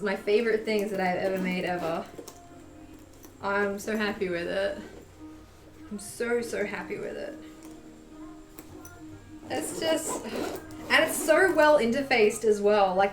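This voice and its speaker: A young woman streaming her sewing, gushing over a bag she just finished and swearing casually as she talks. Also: medium pitch. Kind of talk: casual live-stream chat while sewing. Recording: echoey room, faint music. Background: faint music.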